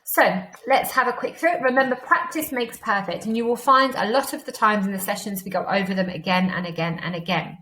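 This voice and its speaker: A woman's voice: mid-range voice, bright, forceful tone. Encouraging English woman teaching Spanish. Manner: encouraging, slows to model each word twice. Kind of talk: recorded online language lesson.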